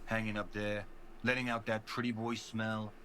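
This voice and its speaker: A hostile game dockworker who hurls taunts and crude insults. His voice is bright and tense, with faint noise around it. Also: on the low side, little pitch movement, normal speed. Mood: taunting.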